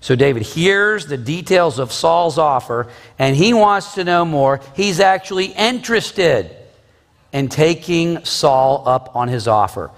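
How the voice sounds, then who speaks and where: Gravelly man teaching a Bible lesson. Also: on the high side, lively intonation, measured pace. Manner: conversational, asides and rhetorical questions. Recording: long reverb.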